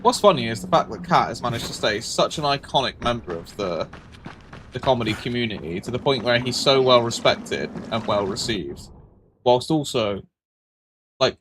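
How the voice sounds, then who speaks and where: A man, animated and swearing in casual chat as a streamer. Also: normal speed. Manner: animated, swearing, acts out quotes with sudden high yelps. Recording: noisy background.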